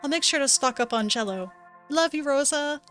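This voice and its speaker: A woman voicing a tired, gentle young father who speaks softly and reassuringly. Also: high voice, animated, moderate pace, faint music behind, voice pushed up. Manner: soft, reassuring.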